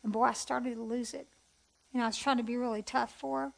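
A middle-aged woman telling her personal testimony in an earnest, heartfelt way, with soft hesitations. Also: on the high side, steady tone, quick pace, gravelly, poor audio. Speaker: speaker sharing testimony.

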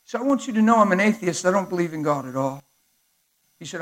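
A man, a pastor telling a story in a sermon, acting out both sides of the conversation and swinging from hushed to loud. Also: high voice, expressive, fast, poor audio.

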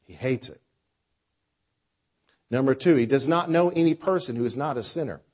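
A man preaching a sermon with a conversational style, dropping to quiet lines and rising to loud, drawn-out phrases. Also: mid-range voice, expressive. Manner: preacher with a dynamic delivery, swinging between soft and loud. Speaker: pastor.

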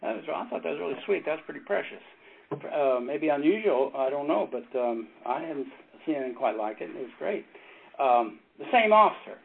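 Pastor, rambling storyteller, slightly high male voice, phone-thin audio. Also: lively intonation, vocal fry. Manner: rambling storyteller, halting restarts, chuckles often. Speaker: pastor and former Navy chaplain. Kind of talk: informal Bible study teaching. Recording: tinny phone-like sound with faint noise.

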